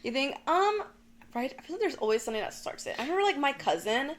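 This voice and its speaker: A young woman co-hosting a casual chat podcast, an animated storyteller who acts out her own panicked shouts and fills her talk with "like" and "girl". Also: high-pitched, fast, heavy background noise. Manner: swears casually, says "like" and "girl" often. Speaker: podcast co-host.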